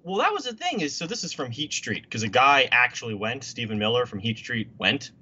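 Emphatic man with a bright, lo-fi voice. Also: medium pitch, very animated, brisk, husky. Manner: opinionated, emphatic, mocking impressions. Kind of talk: casual movie chat.

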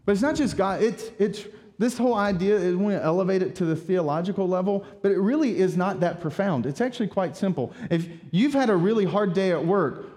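A man preaching a sermon as pastor, talking in a conversational, animated way with rhetorical asides. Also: high voice, brisk, few pauses, in a large hall.

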